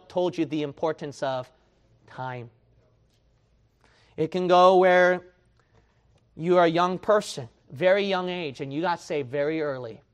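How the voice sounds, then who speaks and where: A man preaching a sermon to his church, dropping to a hush and then rising to a shout as he mocks his listeners' excuses. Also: a little high. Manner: swings from hushed to shouting, mocks excuses in whiny voice.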